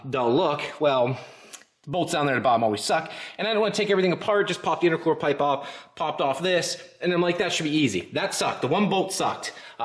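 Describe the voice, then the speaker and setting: A man hosting a casual garage vlog, rambling and frustrated as he works on his car. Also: on the high side. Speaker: car builder and channel host. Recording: roomy garage echo.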